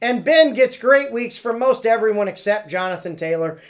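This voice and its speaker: A woman hosting a casual fantasy football podcast. She reads out weekly rankings in a playful, animated, teasing way. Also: fairly high pitch, moderate pace, over a noisy crowd.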